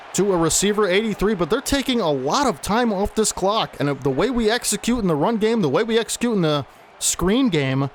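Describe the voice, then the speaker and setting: A man commentating his own football video game play-by-play, excitable and talking straight to viewers. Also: a little high, slight background noise. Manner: excitable, talks to viewers as folks. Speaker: gaming commentator.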